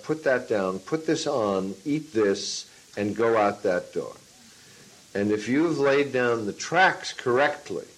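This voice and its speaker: A man, a film and stage director, answering an interview question as a lively storyteller who acts out his own past lines. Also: medium pitch, rough recording. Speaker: teacher of a class.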